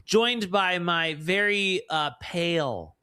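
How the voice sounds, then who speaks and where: A man's voice: high voice, slow, bright, forceful tone, clear, resonant tone, no echo. A man hosting a podcast, talking in a gushing, chatty, casual way. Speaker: podcast host.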